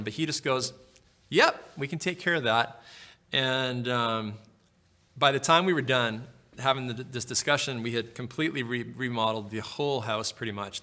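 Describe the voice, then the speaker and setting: Jasny głos pastora, ożywiona opowieść. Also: male voice, medium pitch. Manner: animated storyteller, acts out dialogue. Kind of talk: sermon storytelling.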